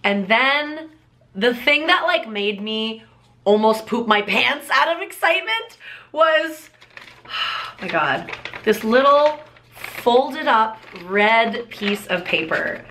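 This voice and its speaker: A young woman vlogger excitedly retelling a story in a gushing, breathless way, with lots of "like" fillers. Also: a little high, takes it slowly.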